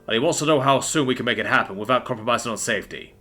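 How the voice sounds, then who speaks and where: A man voicing a commanding army major giving brisk orders with a thickened accent. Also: medium pitch, sharp tone, faint music behind. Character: gruff stressed male army major.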